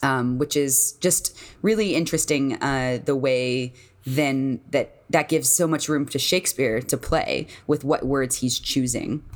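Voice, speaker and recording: A woman with a low voice co-hosts a podcast in a relaxed, chatty way. Her talk is full of fillers and loose restarts as she works through her thoughts. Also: a little slow. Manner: chatty, many filler likes and ums. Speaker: podcast co-host. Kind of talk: casual discussion.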